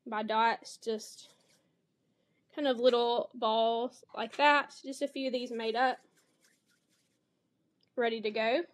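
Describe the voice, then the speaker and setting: A woman teacher with a fairly high voice talks through a model reading lesson for young children. She explains each step clearly. She reads the animal sounds with lively expression. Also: slow pace, pauses often.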